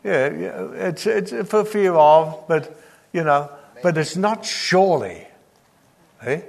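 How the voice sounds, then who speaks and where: A man preaching a sermon in a church hall, with a slightly higher voice than most men. He teaches as he reads scripture aloud and stops to put questions to the congregation. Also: animated, slow, creaky, darkish tone.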